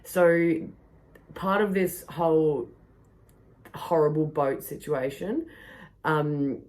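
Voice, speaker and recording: Low-pitched woman host, loose profane storyteller who laughs through her tales. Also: slow pace, darkish tone. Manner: swears freely, laughs often, many fillers. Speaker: podcast host. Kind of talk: casual storytelling monologue. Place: backyard.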